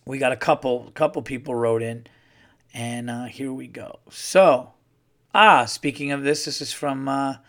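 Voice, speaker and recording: This podcast host, a man speaking at a measured pace in a medium, somewhat bright voice, runs the show by himself. It's a casual monologue full of rambling, swearing, and heated ranting.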